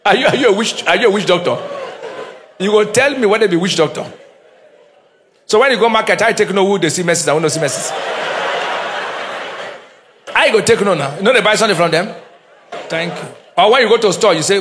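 A man's voice: high-pitched, animated, normal speed, long pauses, a crowd in the background, noisy background. A middle-aged man, a pastor preaching a humorous sermon with call-and-response and Pidgin asides in a church.

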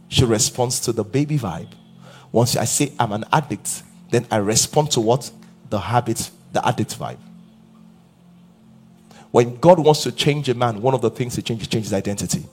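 Husky preacher man, lively pitch. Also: moderate pace, faint music behind. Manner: emphatic preaching with call-and-response questions and rising shouts. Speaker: pastor. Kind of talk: sermon.

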